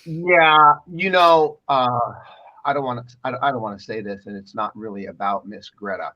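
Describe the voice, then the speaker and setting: A man's voice: medium pitch, fairly even intonation, normal speed, pushed and bright, muffled recording. A man co-hosting a commentary show, talking emphatically and repeating himself as he rambles. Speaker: co-host. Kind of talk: casual commentary talk show.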